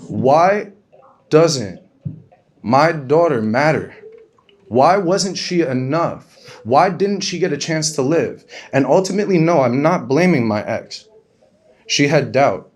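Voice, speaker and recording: A man speaking as a grieving father, in an earnest, halting speech with repeated questions. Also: medium pitch. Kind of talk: emotional public speech.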